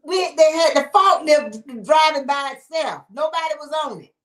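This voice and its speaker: A woman, chatting casually on a livestream and reading viewers' comments aloud. She talks in an animated way, laughs often and breaks into exclamations. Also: high voice, normal speed.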